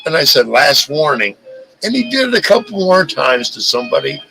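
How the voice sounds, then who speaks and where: A man hosting a casual live stream, talking in an animated, profane rant. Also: fairly high pitch, quick pace, creaky, soft background music, low-quality recording. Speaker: livestream host.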